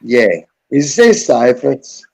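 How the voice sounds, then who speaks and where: A man's voice: medium pitch, very animated, slow pace, creaky, poor audio. A middle-aged man, hosting a casual livestream chat in a laid-back, rambling way and mumbling while he fiddles with a device. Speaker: livestream host.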